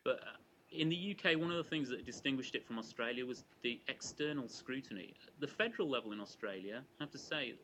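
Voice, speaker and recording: A man giving an academic lecture to a live audience in a measured, explanatory way, often restarting his phrases. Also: medium pitch, pushed and bright, lo-fi sound, a little hiss or hum. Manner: measured and explanatory, with frequent restarts and hedging asides.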